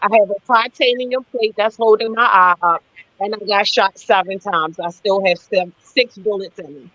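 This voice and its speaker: A woman guest telling her story in a live interview, animated, blunt and profane. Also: mid-range voice, moderate pace, no room sound, lo-fi sound.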